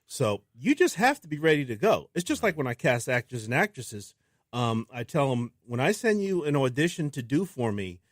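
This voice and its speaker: A man, a filmmaker guest on a radio show, talking in a casual, animated way and acting out what people said to him. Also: medium pitch, moderate pace, no room sound, clean studio sound. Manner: animated storyteller who acts out quotes. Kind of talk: casual interview talk. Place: radio studio.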